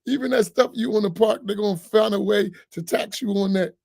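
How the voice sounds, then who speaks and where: A man's voice: sits high, brisk, creaky, no room sound, studio quality. A man, an imam, giving an informal reflection talk with humor and acted-out voices. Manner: animated, humorous, acts out voices, preachy asides.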